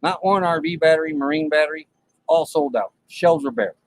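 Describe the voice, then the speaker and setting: Speaking a little fast at a fairly high pitch, with a gravelly edge, a man live streams from his RV. He tells his chat a story in plain, colloquial talk, animatedly performing the dialogue. Audio quality is poor.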